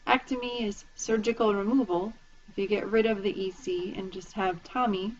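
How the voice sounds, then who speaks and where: A woman instructor gives a patient recorded lecture, spelling out terms letter by letter. The recording sounds dull and lo-fi, with a faint hiss of noise underneath. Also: medium pitch.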